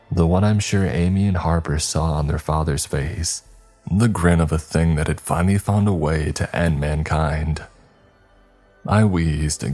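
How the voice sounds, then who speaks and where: Very deep husky guy reading a scary story, slow and dramatic, bit of music behind. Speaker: horror story narrator. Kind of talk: scripted horror narration. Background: soft background music.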